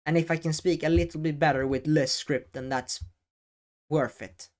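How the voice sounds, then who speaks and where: A man who makes educational videos, giving advice straight to the camera in a deliberate way, with pauses and stress on key words. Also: fairly high pitch, steady tone. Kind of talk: talking-head advice vlog. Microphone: camera-facing setup.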